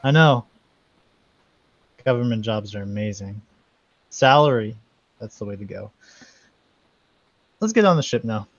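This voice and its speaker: A man's voice: lowish voice, lively intonation, a little slow, pauses often, no echo. A man playing a tabletop game as a senator character, casual and dry-humored. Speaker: player. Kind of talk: in-character role-play chat. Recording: dull, lo-fi mic, dry.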